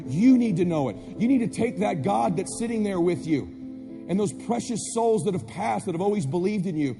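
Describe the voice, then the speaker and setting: A man giving a fiery motivational speech to a live audience, hammering the same lines over and over and at times shouting. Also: high voice. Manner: insistent, repetitive exhortations, bursts of shouting. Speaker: motivational speaker. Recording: echoey hall, music underneath.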